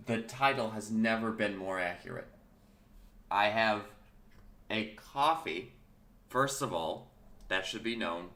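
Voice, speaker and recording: A man's voice: on the low side, measured pace, pauses often, bright, forceful tone, reverberant. A man hosting his own casual morning talk show, rambling and correcting himself, with his early-morning voice still in his throat. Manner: chatty, rambling, self-correcting. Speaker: podcast host.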